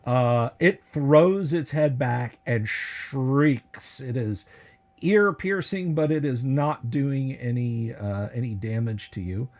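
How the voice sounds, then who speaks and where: Man running a tabletop game. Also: medium pitch. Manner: casual, halting, lots of filler words. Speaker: game master. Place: home, online stream. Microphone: video call.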